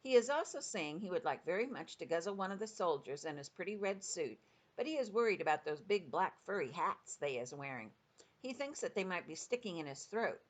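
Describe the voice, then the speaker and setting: A woman's voice: on the low side, expressive, brisk. A woman voicing a kindly big friendly male giant who talks in mangled grammar with made-up words.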